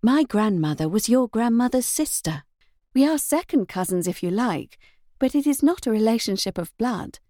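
A woman's voice: a little high, animated, moderate pace, mellow, dry recording, clean studio sound, voice pushed up, close to an everyday voice. A woman reading the lines of a proud young governess, speaking demurely and coolly in a storybook reading. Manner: demure and cool.

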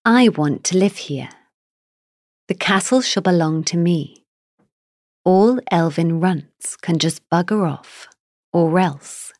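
A woman's voice: fairly low pitch, animated, takes it slowly, pauses often, darkish tone, no room sound, studio quality. A woman voicing a boastful, brutish male giant who bellows threats at his listeners.

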